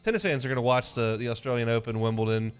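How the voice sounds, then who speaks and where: A man's voice: medium pitch, fairly even intonation, smooth. Brief: male sports radio host, casual and opinionated, faint music bed. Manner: opinionated, conversational, quick back-and-forth.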